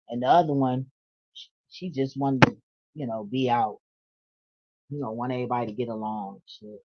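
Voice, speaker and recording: Blunt, profane woman reading tarot. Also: a bass voice. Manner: blunt, profane, laughing asides. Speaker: tarot reader. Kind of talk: casual tarot reading vlog. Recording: dull lo-fi audio.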